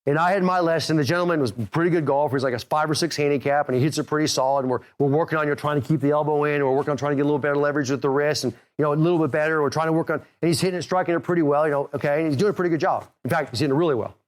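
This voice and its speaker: A middle-aged man who hosts a golf podcast. He coaches his listeners in an energetic, direct way and keeps calling out "okay?" and "guys". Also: a little high, rapid-fire, few pauses. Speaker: golf instructor and podcast host.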